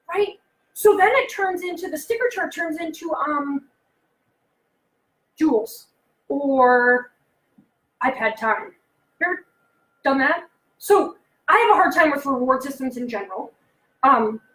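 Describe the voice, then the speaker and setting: Woman, very high voice, animated advice talk, echoey room. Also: takes it slowly, long pauses. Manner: animated, acts out kids' voices, asks the listener questions. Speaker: behavioral consultant and life coach.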